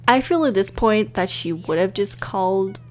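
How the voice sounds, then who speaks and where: A young woman giving casual, excitable let's-play commentary with lots of fillers, talking into a desk microphone. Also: mid-range voice, normal speed. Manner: chatty, excitable, many fillers. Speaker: gaming YouTuber.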